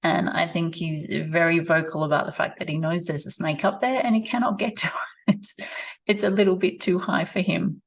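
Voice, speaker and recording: A woman, talking slowly and reflectively in a personal vlog, repeating her phrases as she thinks aloud at her rural home. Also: fairly low pitch, steady tone, gravelly. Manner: slow, musing, repeats phrases. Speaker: vlogger. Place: rural home with animals nearby.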